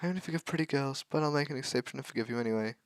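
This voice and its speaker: A man's voice: mid-range voice, very fast, dry recording, pitched above the performer's own voice, lightly acted. A man voicing a smug, arrogant teenage boy who orders others around. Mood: haughty. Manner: haughty, commanding.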